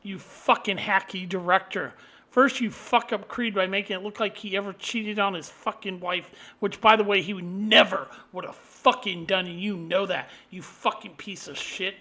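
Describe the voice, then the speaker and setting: A man delivering an angry, profane solo rant, combative and swinging into loud outbursts. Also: high voice, fairly even intonation, moderate pace. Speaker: vlogger.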